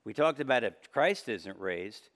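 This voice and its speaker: Animated but unhurried, a man delivers an impassioned sermon as pastor, moving from loud high peaks down to low, quiet stretches.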